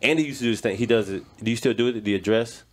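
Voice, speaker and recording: A man appearing as a comedian guest on a radio talk show, telling stories in a quick, emphatic way. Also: lowish voice. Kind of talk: casual studio chat. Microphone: studio microphone.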